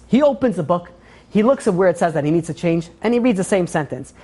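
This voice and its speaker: A woman telling a moral story in a lecture, animated and acting out the characters' lines. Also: fairly low pitch, fast talker. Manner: animated, acts out quoted dialogue. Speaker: teacher of Torah.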